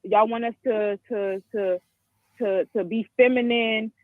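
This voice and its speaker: Caller, woman, 20s, from the Caribbean; frank, halting, lots of restarts; dry phone audio. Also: on the high side, steady tone, no room sound. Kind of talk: call-in commentary. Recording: tinny dry phone line.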